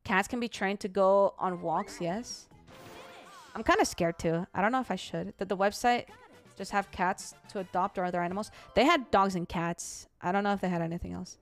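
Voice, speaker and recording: A young woman streaming a party game, chatting casually with friends and viewers, self-deprecating and quick to swear. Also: mid-range voice, faint music behind. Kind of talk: casual gaming stream chat.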